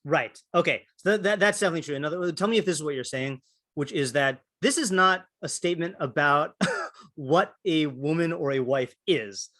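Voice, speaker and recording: A man's voice: fairly high pitch, fairly quick, a bit bright. A man teaching a Torah class, thinking aloud through many fillers and restarts while calling on students. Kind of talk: interactive Torah class discussion.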